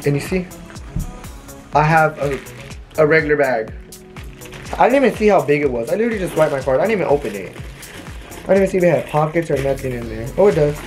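Talking fast in a mid-range voice with frequent pauses, this young vlogger rambles chattily through a shopping haul, full of animated storytelling. Faint music sits behind the casual vlog chat.

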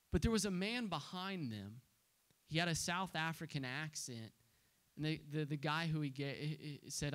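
Earnest young man preaching, slightly high voice. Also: fairly bright tone. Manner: earnest storytelling with frequent restarts. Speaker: pastor. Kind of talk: sermon.

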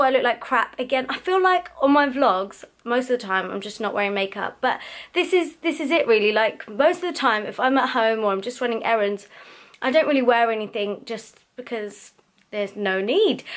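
A woman, chatting casually and rambling to camera in a vlog. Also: fairly high pitch. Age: 20s. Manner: chatty and rambling, many fillers. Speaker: makeup vlogger. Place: out and about in London.

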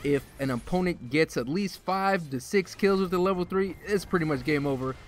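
With soft music playing in the background, a man with a slightly high voice speaks at a moderate pace, offering excitable, casual commentary while gaming for his video. He sounds a bit breathless and erupts in occasional loud outbursts.

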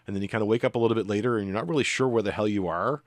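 A man with a very low voice narrates a tabletop game as its game master, easy-going and full of ums and uhs. The sound is dry and close. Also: racing, no room sound. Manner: relaxed, many fillers.

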